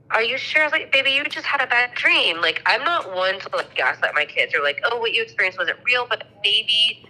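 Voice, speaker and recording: A woman in her thirties, a mother, tells a ghost story in a casual, chatty way, swearing freely and acting out the dialogue. Her voice is on the low side, bright and pushed, and the recording is rough.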